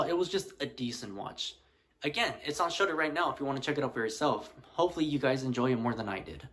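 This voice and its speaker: A man's voice: on the high side, fairly bright tone, slight background noise. A man casually reviewing horror films in a chatty, loose vlog style full of "like" fillers. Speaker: movie reviewer.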